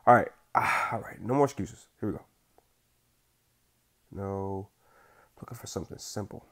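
A young man giving casual gameplay commentary, using slang and swinging between hushed focus and loud outbursts. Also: fairly low pitch, moderate pace. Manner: casual slang, says bro and y'all. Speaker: gaming YouTuber.

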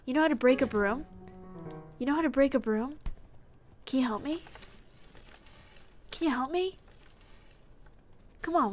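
A woman streamer giving casual gameplay commentary, playful and mock-indignant as she talks to the game's characters in character. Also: high-pitched.

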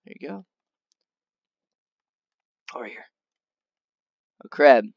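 A man chatting through a video game in a casual, excitable way, often talking straight to the creatures on screen. His voice swings widely up and down in pitch. The sound is dry and a little dull, like a simple home setup. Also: takes it slowly, dry recording. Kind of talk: casual gameplay commentary.

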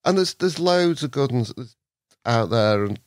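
A man, a podcast guest from England, telling a long anecdote in a lively way, putting on voices and laughing often. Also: mid-range voice, measured pace, no room sound, clean studio sound. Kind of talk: anecdotal storytelling.

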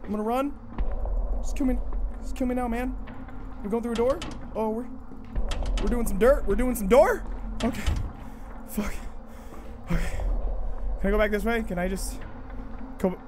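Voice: medium pitch, normal speed, pauses often. A streamer giving live horror game commentary, panicky and swearing, muttering reassurances to themself. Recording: noisy game ambience behind.

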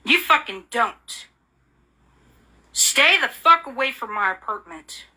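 A woman's voice: fairly high pitch, expressive, slow pace, sharp tone. A woman in an angry, profane rant, hurling repeated insults and accusations. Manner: furious, profane, repetitive insults; bitter, accusing.

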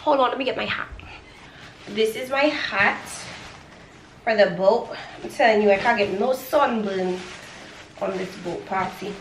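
A young woman chatting casually to her phone camera for a travel vlog, expressive and full of slang. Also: mid-range voice, unhurried, pauses often, a little hiss or hum, low-quality recording. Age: young adult. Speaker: vlogger. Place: outdoors at a harbor.

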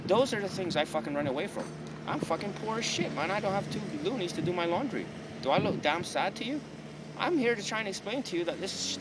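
A man, ranting to the camera in a rambling, profane, casual way while outdoors in a city. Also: a little high. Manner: profane, rambling, lively delivery. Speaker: vlogger. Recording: street noise behind.

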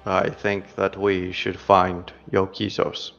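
A terse, guarded stranger in a tabletop game, as a man puts him on. He speaks slowly and quietly, giving little away. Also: expressive, highs cut off, faint music behind. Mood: tense. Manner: terse, slow, low-key.

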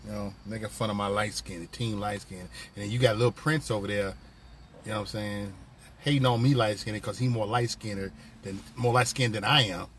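A man's voice: fairly low pitch, steady tone, moderate pace, a bit bright, slight background noise. A man hosting a casual live stream from his phone, talking loosely in profane, rambling banter with viewers. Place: on a work break, vehicle sounds nearby.

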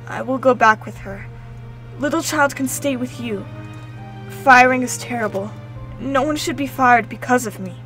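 A woman's voice: on the high side, normal speed, a bit bright, soft background music, close to an everyday voice, poor audio. A woman voicing an earnest older orphan boy who speaks plainly.

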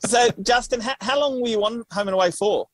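A man co-hosting a podcast jokes and pushes the guest for answers. His voice is high. The sound is echoey, as if recorded in a bare room. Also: fairly quick. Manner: joking, pushy questions. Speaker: podcast co-host. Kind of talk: casual chat.

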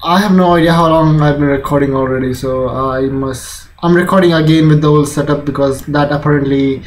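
Excitable man narrating gameplay. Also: fairly high pitch, soft background music, low-quality recording. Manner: excitable, rambling, fast bursts. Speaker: gaming YouTuber. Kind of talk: let's play commentary.

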